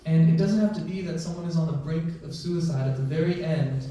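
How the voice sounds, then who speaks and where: Heard from afar in a reverberant mosque prayer hall, a doctor gives an informal talk, regularly checking in with "right?" and "you know." He speaks fairly fast, his voice on the high side and dark in tone.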